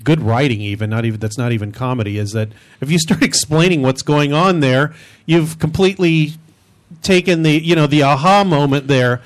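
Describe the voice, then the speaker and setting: Halting male podcast host. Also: a little high. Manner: halting, thinking aloud with fillers. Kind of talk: casual chat.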